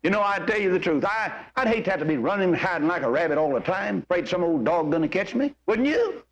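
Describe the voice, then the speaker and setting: An older preacher with a notably high voice exhorts his listeners in a folksy, storytelling manner. He swings from homespun tales to earnest appeals. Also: animated, fast talker, dull audio. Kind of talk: sermon.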